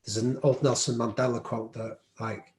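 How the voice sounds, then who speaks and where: A man's voice: mid-range voice, flat delivery, normal speed, a little mellow. A man telling stories as a podcast guest, reflective and anecdotal, with frequent ums. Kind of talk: storytelling in an interview. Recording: roomy echo.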